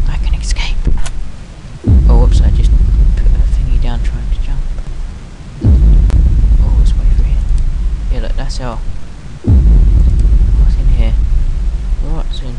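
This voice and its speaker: A man's voice: medium pitch, lo-fi sound. A man giving jokey let's play commentary on a horror game, talking to his viewers and to the monster. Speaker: gamer. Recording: loud hiss behind the voice.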